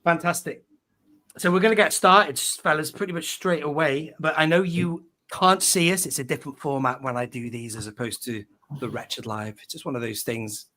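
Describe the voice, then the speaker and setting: A man's voice: fairly high pitch, fairly even intonation, moderate pace, sharp tone. A man hosting a live online fan show, chatting casually and reading out viewer names. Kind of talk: casual live-stream chat.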